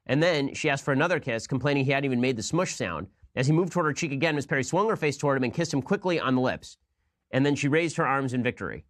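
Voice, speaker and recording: Male political commentator at mid pitch, fast-talking, sarcastic and argumentative. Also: animated. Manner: rapid-fire, sarcastic, argumentative.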